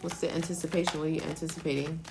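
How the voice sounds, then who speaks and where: A woman's voice: low-pitched, level tone, rapid-fire, creaky, noisy background. A woman giving a live-stream tarot reading, talking emotionally and rambling, with casual swearing. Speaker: tarot reader.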